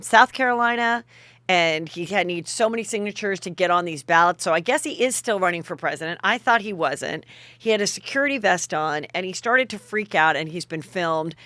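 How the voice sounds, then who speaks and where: A woman's voice: lowish voice, no room sound. A middle-aged woman hosting a podcast, telling a story casually and acting out the people in it. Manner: animated, acts out the people in her story. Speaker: podcast host.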